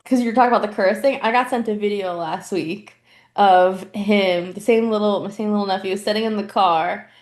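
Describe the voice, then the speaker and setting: A young woman co-hosting a podcast chats casually and tells stories with lots of laughter, a giggly, animated storyteller. Her voice is medium in pitch and her speed is normal.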